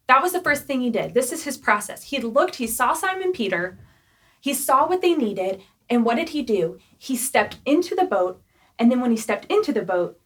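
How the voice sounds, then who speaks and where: Chatty young woman giving a youth sermon. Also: a little high. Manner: chatty, animated, lots of "like" and "right?". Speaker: youth pastor.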